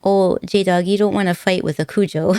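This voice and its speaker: A woman streamer rambles through a casual chat with her viewers, giggling often and teasing them playfully. Her voice sits fairly low, and the close mic sounds dry with no room echo. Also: steady tone, normal speed, a little mellow. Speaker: live streamer.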